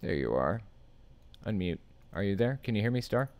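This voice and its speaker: A man hosts a casual call-in podcast, easygoing and reassuring with his guests. His voice sits low and sounds smooth and clean. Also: very animated, moderate pace, a little mellow. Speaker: podcast host.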